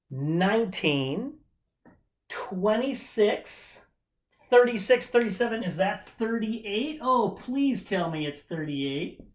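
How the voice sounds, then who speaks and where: A woman teaching a chemistry lesson remotely in a chatty way, with joking asides while she counts aloud. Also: fairly low pitch. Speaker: chemistry instructor. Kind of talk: casual remote lecture.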